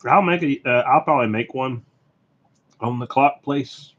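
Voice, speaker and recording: A man's voice: medium pitch, normal speed. Laid-back man chatting on a live stream. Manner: relaxed, rambling, laughs a lot. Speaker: electronics repair streamer. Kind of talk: casual live stream chat while soldering. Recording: dull lo-fi stream audio.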